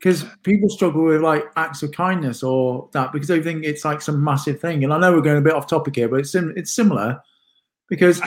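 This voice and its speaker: A man's voice: fairly high pitch, a little fast, a little hiss or hum. A man with a British accent co-hosting a casual morning wellness chat from his kitchen, chatty and joking. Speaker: co-host of a morning wellness show. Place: home kitchen.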